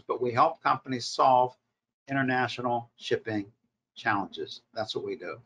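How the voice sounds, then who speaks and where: A man's voice: mid-range voice, normal speed, a bit bright, lo-fi sound. A man, a marketing professor, leading a recorded workshop lecture, speaking in short punchy directives and rhetorical questions.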